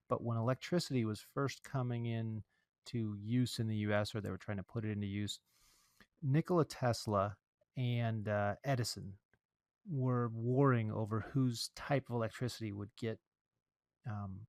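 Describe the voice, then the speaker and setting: A man's voice: medium pitch, no echo, studio quality. A man hosting a podcast in casual chat, joking with playful asides. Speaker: podcast host.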